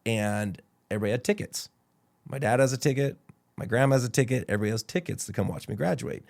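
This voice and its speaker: Gravelly-voiced man telling a story. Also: mid-range voice, fast. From Idaho, United States. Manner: animated, quotes people in character. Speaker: podcast guest. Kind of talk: casual storytelling.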